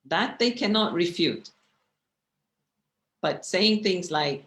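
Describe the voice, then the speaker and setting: A woman teaching a communication class online uses slides and a video call, speaking conversationally and frequently checking in with listeners. Her voice is low and slow, and she pauses often.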